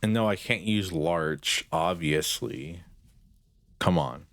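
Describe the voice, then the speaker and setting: A man's voice: deep voice, slow, a bit bright, no room sound. A young man streaming a game, chatting with his viewers in a rambling, sarcastic way and swearing casually. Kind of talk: casual gameplay chat with chat.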